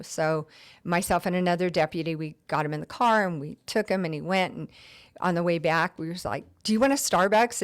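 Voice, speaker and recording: A woman who works as a county deputy, a guest on a talk show, telling warm and heartfelt stories from her work. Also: fairly low pitch. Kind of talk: storytelling in an interview.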